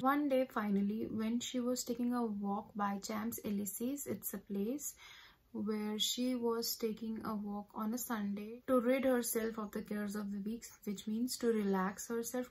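A woman teacher retelling a short story as a lesson, pausing to explain difficult words. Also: medium pitch, slightly rough, rough recording. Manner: slow explanatory retelling, glosses hard words.

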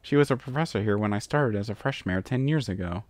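A man's voice: on the low side, quick pace, a little mellow, dry recording, close to an everyday voice. A man voicing a blunt, stubborn female pony who is an adventurous archaeology professor, in a storybook reading.

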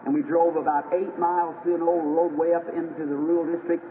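A man's voice: a little high, level tone, a little fast. A man preaching an old-time revival sermon, telling stories in an earnest, folksy way. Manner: earnest, folksy storytelling with acted-out quotes. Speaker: evangelist preacher. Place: church hall. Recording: tinny, hissy old archival recording in a hall.

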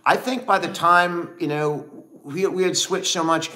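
A man's voice: high-pitched, unhurried, sharp tone, slight background noise. A middle-aged man co-hosting a casual livestream, telling a family story and thanking viewers. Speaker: livestream co-host.

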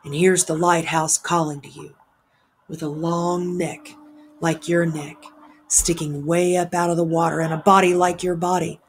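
A woman reading a story aloud, voicing a grave older male lighthouse keeper in a slow, measured, hushed way. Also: lowish voice, little pitch movement, slight background noise, close to an everyday voice. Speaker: reader.

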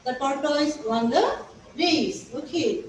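Slow, patient woman teacher with a Bangladeshi accent. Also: high voice, expressive, slight background noise. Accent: Bangladeshi English. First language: Bengali. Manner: patient, repeats and explains step by step. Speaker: English teacher. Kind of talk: classroom grammar lesson. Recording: echoey room, voice far from the mic.

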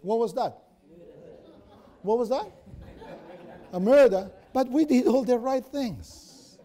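High-voiced male preacher asking questions. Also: expressive, slow pace, mellow. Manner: storytelling with many rhetorical questions to the audience. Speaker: pastor. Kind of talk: sermon.

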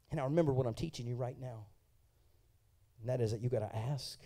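This pastor speaks at medium pitch, a little fast, pausing often. His church sermon shifts from soft, personal testimony into loud, impassioned preaching as he puts questions to the congregation.

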